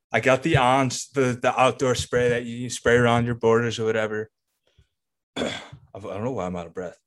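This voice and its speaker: A man co-hosting a casual podcast, telling a long, rambling story full of swearing and filler words. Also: medium pitch. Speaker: podcast co-host.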